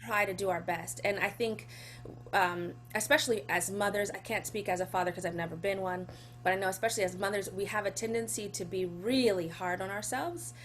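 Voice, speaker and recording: A woman's voice: medium pitch, fairly quick, a little hiss or hum. A woman in her forties, an actress and poet, talking casually in an interview, laughing often and getting emotional about her children. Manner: warm, laughs often, emotional when speaking of her son. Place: home.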